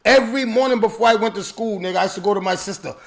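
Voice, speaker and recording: A man with a high, gravelly voice tells a story in casual chat. He gets loud and laughs often as he talks to the people around him. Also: racing.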